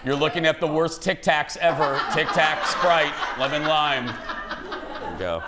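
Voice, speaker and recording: A talk show host chats loosely about entertainment news in an animated, rambling way, restarting his sentences often. His voice is fairly high and a little slow. Heavy background noise runs through the clip.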